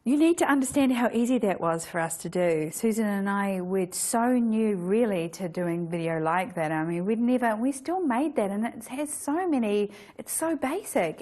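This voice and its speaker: A woman's voice: mid-range voice, darkish tone. Woman photographer, casual teaching talk, chatty and self-correcting, mid-range voice. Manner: chatty, restarts and self-corrections, laughs easily. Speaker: photographer presenting a workshop.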